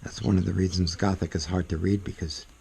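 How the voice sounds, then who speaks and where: A soft-spoken man demonstrating calligraphy in a casual, rambling way, often trailing off into murmurs as he writes. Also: deep voice, flat delivery, fairly quick, creaky, a little hiss or hum. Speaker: calligraphy instructor. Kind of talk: casual demonstration while writing.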